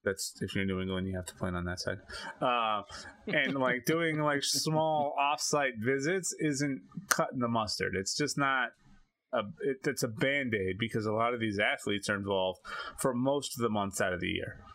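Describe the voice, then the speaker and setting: A man from Maine co-hosting a podcast, talking in an opinionated, animated way with many restarts. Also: medium pitch, normal speed, dry recording. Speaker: podcast co-host. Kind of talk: casual chat.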